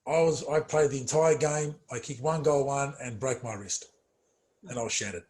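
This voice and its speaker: Animated man telling stories. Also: mid-range voice, moderate pace. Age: middle-aged. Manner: animated storyteller, many fillers, trails off quietly. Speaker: former footballer, interview guest. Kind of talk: casual interview chat.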